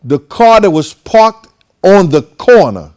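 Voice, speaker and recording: A man with a high voice tells a long story, and his pitch swings widely as he goes. He talks casually, swears freely and acts out the other people's lines as a show host. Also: big pitch swings, slow, a little mellow.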